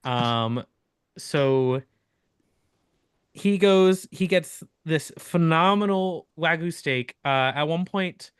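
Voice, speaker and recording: A young man hosting a podcast, telling a long story in an animated, laughing way with many restarts. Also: on the high side, slow pace, clear, resonant tone, no echo, studio quality. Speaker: podcast host. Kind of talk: casual storytelling chat.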